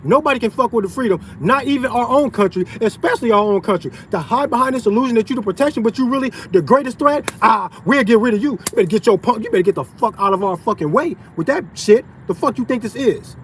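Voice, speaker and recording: A man's voice: very high voice, expressive, fast, few pauses, fairly bright tone, slight background noise, low-quality recording. A man ranting profanely on a livestream, outdoors in a parking lot. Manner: profane, heated ranting, conversational slang. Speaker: open carry vlogger.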